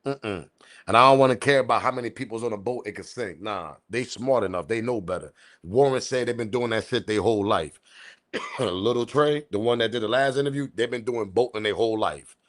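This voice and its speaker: A man giving casual, animated livestream commentary, repeating himself, swearing and chuckling. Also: medium pitch, a little fast. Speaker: online news commentator.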